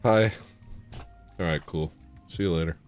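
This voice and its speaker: A man's voice: low-pitched, measured pace, darkish tone, faint music behind. A man hosting a casual livestream, rambling, joking at his own expense and greeting chatters by name. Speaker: livestream host.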